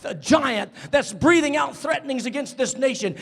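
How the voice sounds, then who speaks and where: An older man preaching a sermon, moving between shouting and hushed, tearful passages. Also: very high voice, animated, moderate pace, creaky, hardly any pauses. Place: large civic center banquet hall. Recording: echoey hall from far off.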